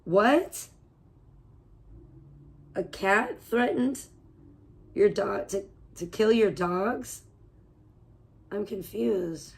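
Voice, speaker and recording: Woman, live streamer, casual joking chat, slow unhurried delivery, laughs often. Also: medium pitch, expressive, creaky, slightly rough. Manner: confused, playful banter. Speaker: livestreamer.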